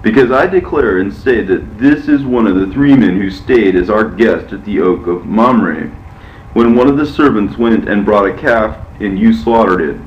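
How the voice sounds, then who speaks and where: A man's voice: fairly low pitch, normal speed, a little hiss or hum, close to an everyday voice. A man reading as an aged, anxious wife. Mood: insistent. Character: aged matriarch, anxious then insistent wife. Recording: echoey, muffled, from far off.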